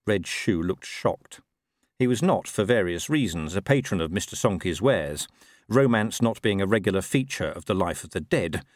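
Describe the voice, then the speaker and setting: A man reading a story as narrator, wry and expressive. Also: deep voice, normal speed, dry recording, studio quality. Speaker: audiobook narrator. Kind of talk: scripted narration.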